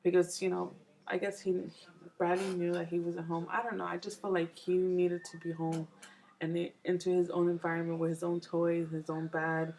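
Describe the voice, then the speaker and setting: Low, gravelly young mom chatting. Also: female voice, level tone, moderate pace, a little mellow, poor audio. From New York. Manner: rambling, full of fillers and restarts. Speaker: mom vlogger. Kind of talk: casual chat to camera.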